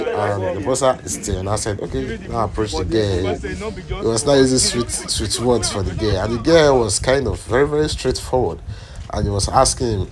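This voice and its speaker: A man with a Nigerian Pidgin English accent, recapping his comedy skits for viewers, animated and laughing, slipping into Pidgin. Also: fairly low pitch, normal speed, crowd noise. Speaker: comedy skit creator. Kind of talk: casual storytelling to viewers. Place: live gallery with people around.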